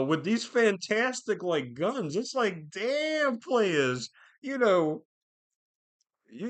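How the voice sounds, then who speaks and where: Rambling casual commentary comes from a man hosting a podcast by himself, laced with constant swearing and fillers. His voice sits high with a fairly bright tone.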